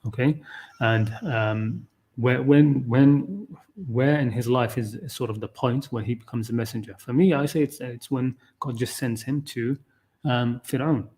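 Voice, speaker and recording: A man's voice: medium pitch, steady tone, unhurried, warm tone, slightly rough. A man giving an unscripted livestream talk on a scripture verse, thinking aloud with frequent restarts and "okay, you know". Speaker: Qur'an teacher.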